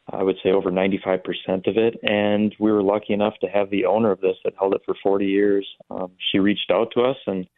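A man, an art company president, speaking as a guest by phone, relaxed and using many fillers. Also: lowish voice, no room sound. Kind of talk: phone interview. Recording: tinny phone line.

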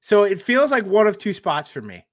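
Guy with a high voice, dry close sound, thinks it through before answering. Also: sing-song, moderate pace, no echo. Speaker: podcast guest. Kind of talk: casual sports chat.

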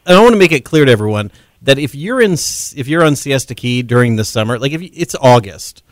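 A man in a casual podcast chat, explaining points in a relaxed way. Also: mid-range voice, quick pace, dry recording. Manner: relaxed, explanatory, quotes others.

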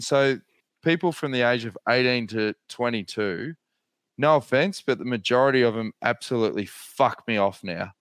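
Australian male podcast co-host, profane animated storyteller, dry close mic. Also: mid-range voice, normal speed, dry recording. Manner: swears freely, animated storytelling. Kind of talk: casual chat, storytelling.

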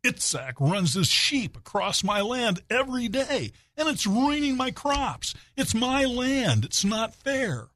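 A man's voice: very high-pitched, very animated, slow pace, hardly any pauses, a bit bright, no room sound, pitched above the performer's own voice, heavily acted. A man voicing an aggrieved village man pleading his case in a whining tone, in a radio joke.

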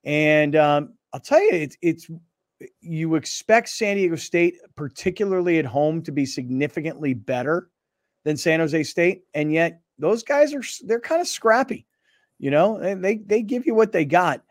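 Chill sports radio guy, kinda high voice, drawls and jokes around, dry studio sound. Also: expressive, moderate pace, no echo. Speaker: sports talk show host. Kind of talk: casual sports talk.

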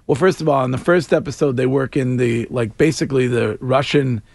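A man's voice: mid-range voice, steady tone, a little fast, gravelly, a little mellow, no room sound. A man hosting a radio talk show, bantering casually in rambling restarts and frequent laughs into a studio mic.

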